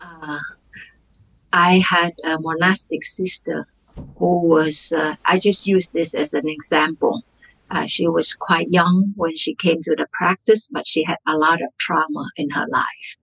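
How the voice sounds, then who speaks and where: A woman meditation teacher speaking gently and unhurriedly in an interview. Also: low voice, steady tone, a little slow, creaky, breathy edge, poor audio.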